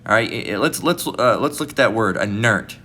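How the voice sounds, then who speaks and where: A man's voice: fairly low pitch, expressive, brisk, pushed and bright, slight background noise. A man giving informal, blunt preaching commentary, often restarting and asking "all right?".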